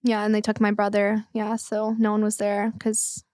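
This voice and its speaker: A young woman telling a painful personal story on a podcast, halting and full of fillers, close to tears. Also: mid-range voice, monotone, darkish tone, clear, resonant tone, no echo. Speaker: guest telling her life story. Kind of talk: podcast conversation.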